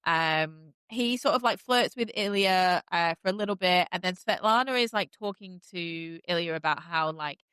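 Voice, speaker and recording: A woman's voice: lowish voice, moderate pace, hardly any pauses, a bit bright, smooth, dry recording. A woman hosting a podcast, recapping a TV series in casual chat with many fillers and gushing asides.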